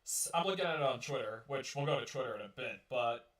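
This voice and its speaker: A man's voice: medium pitch, animated, quick pace, a bit bright, roomy sound, far from the mic. A man hosting a casual live-streamed talk show, rambling and swearing as he repeats and restarts his words. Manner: rambling and profane, with many restarts.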